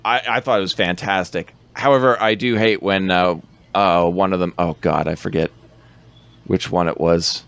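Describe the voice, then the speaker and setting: Low-voiced man recapping a movie. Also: fairly even intonation, creaky, fairly bright tone, smooth. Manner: rambling, laughs often, quick bursts. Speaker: podcast co-host recapping a film. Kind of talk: casual chat.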